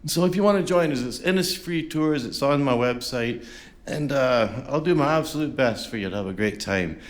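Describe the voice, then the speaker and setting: A man's voice: medium pitch, animated, moderate pace. Chatty man telling stories on stage. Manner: rambling, self-deprecating storyteller with many fillers. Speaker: folk singer-songwriter. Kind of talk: stage banter at a concert. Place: live concert stage. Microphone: stage microphone. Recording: live concert with faint music behind.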